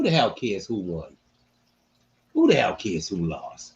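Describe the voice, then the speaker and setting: A man hosting a casual sports-talk podcast, animated and repeating phrases for emphasis. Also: lowish voice, measured pace, vocal fry, long pauses, highs cut off. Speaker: podcast host.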